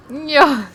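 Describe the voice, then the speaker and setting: A woman's voice: sits high, fairly bright tone. Young woman gamer chatting with viewers; swings her voice all over, takes her time, giggles and curses freely. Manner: laughs often, swears, teasing. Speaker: streamer. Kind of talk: casual chat while gaming.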